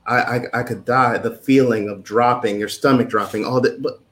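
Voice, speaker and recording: A man telling a story in a casual, animated way, acting out what people said and laughing often. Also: mid-range voice, normal speed. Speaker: guest. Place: home setup with clip lights.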